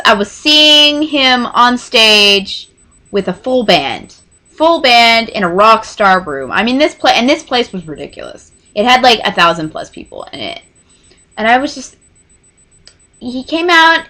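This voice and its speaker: Animated young woman telling a story. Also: a little high. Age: 20s. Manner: animated, acts out dialogue with quoted voices. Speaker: vlogger. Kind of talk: casual storytelling.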